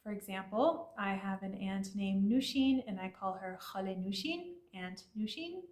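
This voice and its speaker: Woman teacher, friendly explanatory tone, casual fillers, mid-pitched voice, echoey room. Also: lively intonation, moderate pace, darkish tone. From Iranian family. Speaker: language teacher. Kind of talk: explaining vocabulary to learners.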